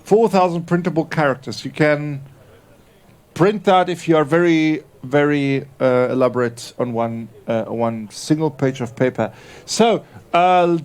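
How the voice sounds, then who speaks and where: A man hosting a live event, casual and halting, with many fillers and restarts. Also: fairly high pitch, a little mellow, smooth. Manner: halting, filler-heavy, self-correcting. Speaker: event host introducing entries.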